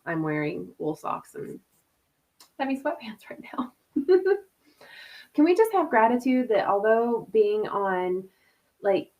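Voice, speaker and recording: A woman's voice: on the high side, darkish tone. A woman hosting a casual live stream from home over a video call, chatty and laughing, full of "like" and "y'all". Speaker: host.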